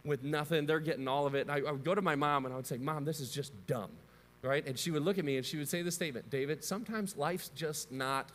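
A man's voice: a little high, rapid-fire, fairly bright tone. A man in his thirties with a Midwest American accent, preaching a sermon in a chatty, questioning way. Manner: conversational, asks the audience questions. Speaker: pastor. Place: church sanctuary. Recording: long hall reverb.

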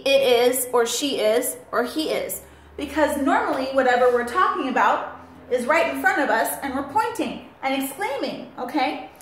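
A woman teaching an English grammar lesson, explaining slowly and patiently and checking that the students follow. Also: high-pitched, a bit bright, roomy sound.

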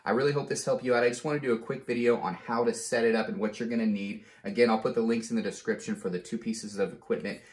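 Roomy-sounding man explaining tech steps slowly. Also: fairly low pitch, fairly even intonation. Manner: slow, deliberate step-by-step explaining; frequent "okay?" check-ins. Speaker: tech tutorial host. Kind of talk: casual how-to demonstration. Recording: roomy, echoey room sound.

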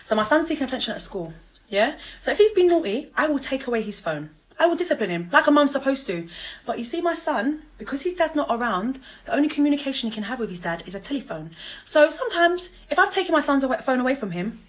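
A woman ranting at her child's father on a live stream, confrontational and mocking, swearing and bursting into loud laughter. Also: high-pitched, sing-song, quick pace, low-quality recording. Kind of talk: angry live-stream rant.

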